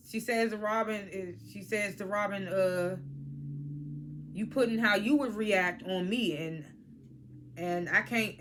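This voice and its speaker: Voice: medium pitch, slight background noise. A vlogger giving a casual, blunt spoken review of a reality TV episode, using speech and acting out what the cast said. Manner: animated, blunt, swears freely, quotes cast members.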